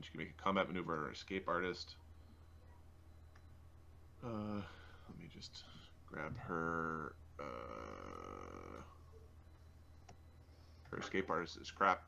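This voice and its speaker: A man playing a tabletop game, working through rules in an animated way. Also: low-pitched, vocal fry, muffled recording, slight background noise. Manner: animated, rule-checking. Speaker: player.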